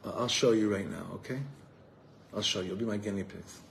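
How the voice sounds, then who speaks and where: A man's voice: on the low side, brisk, gravelly, a little hiss or hum, rough recording. A man from Los Angeles, a rabbi giving an earnest, heartfelt talk to a live evening gathering. He often repeats words while searching for them and weaves Hebrew terms into his speech. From Los Angeles, USA.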